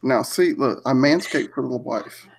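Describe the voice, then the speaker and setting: A man's voice: medium pitch, animated, a little slow. A man co-hosting a live stream, telling profane stories in a casual way and laughing through them. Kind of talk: crude casual storytelling.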